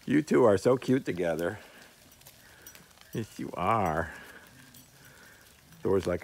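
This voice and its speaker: A man's voice: deep voice, lively intonation, takes it slowly, long pauses, a little mellow, a little hiss or hum. A man vlogging outdoors in melting snow, talking to his dogs in affectionate baby talk and laughing often. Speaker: vlogger, dog owner.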